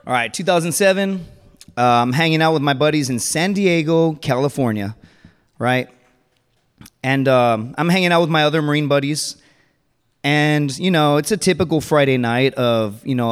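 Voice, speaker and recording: In a clean, mid-range voice at a normal speed, a man rambles through a stand-up story on a live stage. He's conversational, leans on lots of fillers, and laughs at his own tale, with the sound echoing through a reverberant hall.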